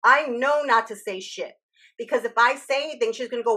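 Animated storytelling woman, fairly high voice. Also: fairly quick, husky. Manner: animated, swears freely, acts out quoted dialogue. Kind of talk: candid conversational storytelling.

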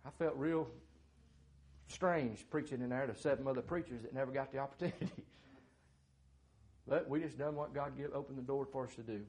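A man's voice: mid-range voice, brisk, long pauses, darkish tone. Folksy man preaching a story. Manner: folksy, plain-spoken, with many filler words. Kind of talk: sermon storytelling.

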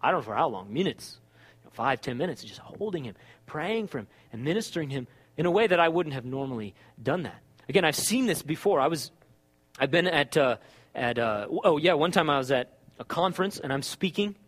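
Animated pastor preaching in a reverberant hall. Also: male voice, on the high side, brisk, slightly rough. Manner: animated storytelling, acts out dialogue. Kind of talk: sermon.

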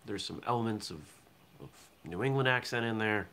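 A man's voice: on the low side, a little fast, slight background noise. A man from southern Maine hosting a casual morning live show, chatting easily and reading out viewer comments. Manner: relaxed, chatty, reads viewer comments aloud. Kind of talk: casual live-stream chat.

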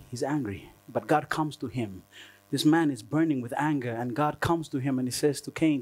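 A man preaching a sermon in an animated way, laughing often and acting out prayers. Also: mid-range voice, a little slow, husky.

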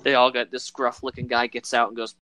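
Rambling man with a bright voice. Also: medium pitch, flat delivery, brisk, clear, resonant tone, no room sound. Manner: rambling, filler-heavy, acts out quoted lines in voices. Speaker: podcast co-host. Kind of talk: casual chat about a film.

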